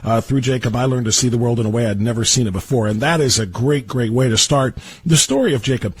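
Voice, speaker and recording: A male radio host interviews a guest, his voice heavily husky and breathy. He reads passages aloud with feeling and asks probing, careful questions. The studio sound is dry and close. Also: mid-range voice, quick pace, no room sound. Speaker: radio talk show host.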